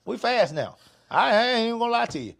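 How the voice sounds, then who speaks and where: High, bright-voiced man joking around. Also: very animated, fast talker, gravelly. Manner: profane, joking, stammering restarts, laughs a lot. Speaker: podcast host. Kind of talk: casual chat.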